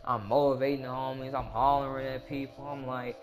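A young man telling a rambling comic story in slangy casual talk, stopping often to say "bro" and pumping himself up louder as he goes. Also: level tone, a little fast, hardly any pauses, music in the background. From Gulfport, Mississippi, US South. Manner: hypes himself up, voice climbing loud and high.

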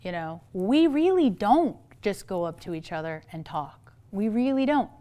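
A middle-aged woman psychologist giving a playful, lively talk on parenting to an audience, with quick asides. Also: medium pitch. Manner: playful, quick asides, acts out quoted voices.

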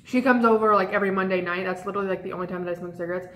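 A woman's voice: medium pitch, fairly even intonation, racing, a bit bright. Chatty young woman in an echoey room. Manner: chatty, rambling, lots of "like" and "um". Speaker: vlogger. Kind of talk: casual storytime chat.

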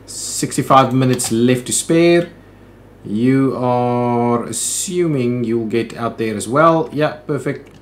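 A man's voice: medium pitch, slow, a little hiss or hum. A man hosting a let's play, thinking aloud in casual commentary with frequent "ooh"s and "um"s.

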